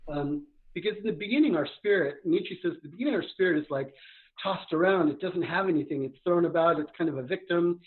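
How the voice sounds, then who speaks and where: A man coaching a guest in a live podcast conversation, talking very fast and with high energy. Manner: fast, energetic, talks a million miles an hour. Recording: tinny phone-like remote line.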